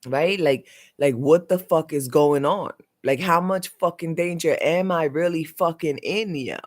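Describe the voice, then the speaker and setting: A man's voice: fairly high pitch, a little slow, few pauses. A man in a vlog delivering a heated, accusatory rant, swearing constantly and repeating himself, often tagging his sentences with "yo". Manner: profane, repetitive, keeps tagging lines with "yo"; agitated and accusatory. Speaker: vlogger.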